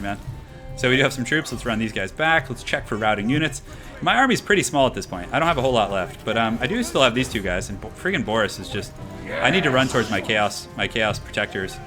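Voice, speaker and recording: A young man giving loose, slangy live-stream commentary over a strategy battle, his voice bright and forceful, a little tired and out of breath. Faint game music plays under him. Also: mid-range voice, quick pace. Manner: excitable, chatty, slangy.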